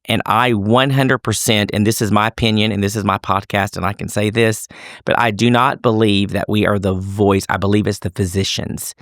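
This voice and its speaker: A man's voice: lowish voice, level tone, moderate pace, fairly bright tone, no room sound, clean studio sound. A man hosting an interview podcast, talking emphatically and repeating points to drive them home. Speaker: podcast host.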